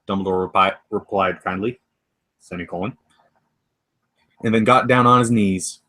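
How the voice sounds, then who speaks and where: A young man co-hosting a comedy fanfiction reading, reading along in a dry, deadpan way. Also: low-pitched, moderate pace, pauses often. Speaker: co-host reading fanfiction aloud.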